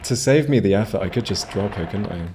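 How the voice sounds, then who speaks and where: A man's voice: lowish voice, animated, quick pace, a little mellow, slight background noise. A man casually commenting while streaming a video game, rambling with self-mocking jokes and asides to chat. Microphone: desk microphone.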